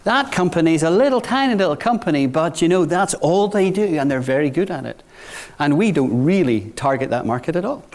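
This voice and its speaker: A middle-aged man giving a business talk to new graduates, conversational, often checking in with "right?" and dropping quiet for anecdotes. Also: fairly high pitch, animated, fairly quick. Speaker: bank executive speaking to graduates.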